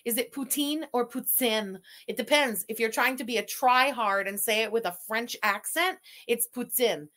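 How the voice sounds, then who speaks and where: A woman from Quebec, Canada, riffs sarcastically over a livestream she is watching. Her voice sits a little high and sounds bright and forward. She is blunt and swears freely. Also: moderate pace, few pauses. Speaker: commentator reacting to a livestream. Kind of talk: profane sarcastic reaction commentary.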